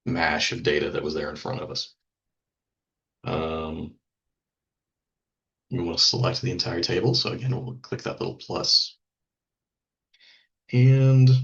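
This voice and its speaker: A man teaching a software lesson over a screen recording, thinking aloud with ums and small self-corrections. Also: deep voice, lo-fi sound. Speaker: instructor.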